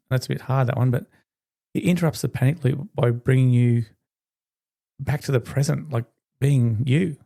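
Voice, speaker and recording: A man's voice: medium pitch, vocal fry, warm tone. A man hosting a podcast, giving earnest self-help advice in a conversational way with many fillers. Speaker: podcast host.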